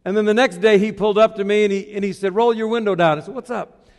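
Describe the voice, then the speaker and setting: Middle-aged man, pastor, sermon, high voice, rhetorical questions, hushed to loud. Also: fairly even intonation, quick pace, big-room sound.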